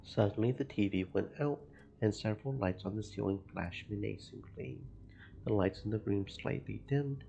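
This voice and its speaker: A man streaming a game, reading its narration and chatting about it in an even, gravelly voice. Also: on the low side, moderate pace, slight background noise. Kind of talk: narrating a visual novel with commentary. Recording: muffled lo-fi stream audio.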